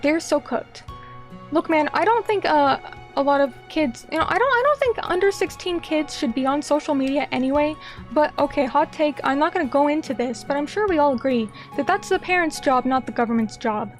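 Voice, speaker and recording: A woman streamer chatting casually with her viewers, excitable and gushing, breaking into rants. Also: sits high, a little fast, faint music behind. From United States. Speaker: vtuber streamer. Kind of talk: casual chat reading viewer comments.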